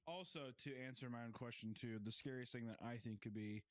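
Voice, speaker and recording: A man's voice: medium pitch, quick pace, crowd noise. A young man chatting casually with friends, rambling and giggling through absurd jokes. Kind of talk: casual chat among friends.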